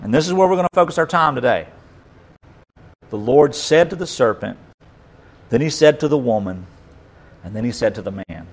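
A male pastor preaching a sermon, reading scripture aloud with dramatic emphasis and dropping to quiet asides. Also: mid-range voice, expressive, moderate pace, pauses often, rough recording.

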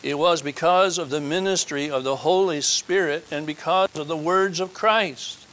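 A man's voice: a little high, moderate pace, hardly any pauses, fairly bright tone, poor audio. A man preaching a communion sermon, stressing his points by repeating key phrases and building to fervent appeals.

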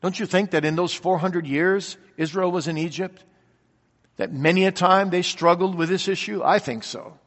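A man preaching a sermon, earnestly asking rhetorical questions and swinging between loud declarations and quiet reflection. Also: sits high, normal speed. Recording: long reverb of a large hall.

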